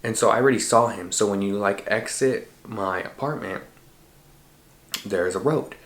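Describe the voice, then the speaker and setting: A man hosting a podcast, recounting a dream in an animated, slangy and profane way. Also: lowish voice, normal speed. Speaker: podcast host. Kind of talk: casual storytelling. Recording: roomy echo.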